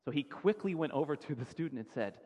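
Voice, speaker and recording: A fairly high-voiced man preaches from the pulpit, telling his story casually and doubling back on his words. His voice rings out with a long reverb from the church hall around him. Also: animated, fast, a little mellow. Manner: conversational, repeats words as he builds the story. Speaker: pastor. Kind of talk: sermon storytelling. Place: church sanctuary.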